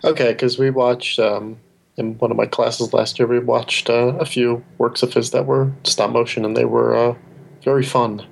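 A man's voice: mid-range voice, flat delivery, moderate pace, creaky. A young man co-hosting a film podcast, hesitant with many fillers. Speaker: podcast co-host. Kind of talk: casual film podcast chat.

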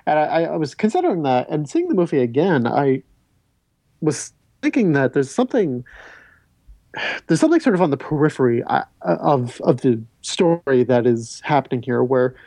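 Male podcast host, rambling and talkative, warm mellow timbre. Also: fairly high pitch, very animated, moderate pace, dry recording. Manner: rambling, self-interrupting, stammers on restarts. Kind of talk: casual film discussion.

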